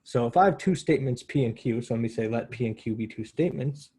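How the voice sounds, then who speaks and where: Mellow, husky-voiced male math lecturer. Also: mid-range voice, lively intonation, quick pace. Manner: conversational, self-correcting, explains step by step. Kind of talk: university lecture.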